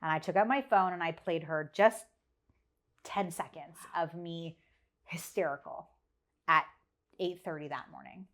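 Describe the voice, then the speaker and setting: Here a business leader on a podcast recounts her own story in a fairly low, somewhat bright voice, talking a little slowly and pausing often. Frank about her difficulties, she repeats phrases and presses her points with earnest emphasis.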